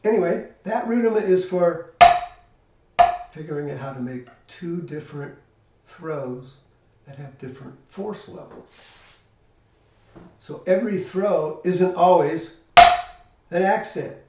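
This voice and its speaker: Older guy explaining drum rudiments, kinda high voice, far from the mic, loud hiss behind. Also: animated, slow, pauses often. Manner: explanatory, counts rhythms aloud. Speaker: drum teacher. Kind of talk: spoken drum lesson with demonstration. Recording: echoey room, distant mic, loud hiss.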